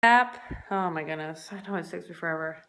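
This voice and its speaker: A woman's voice: on the low side, brisk, fairly bright tone. A woman chatting casually on a phone livestream from home, rambling with many fillers. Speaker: athlete hosting a livestream. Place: room at home. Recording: roomy home recording.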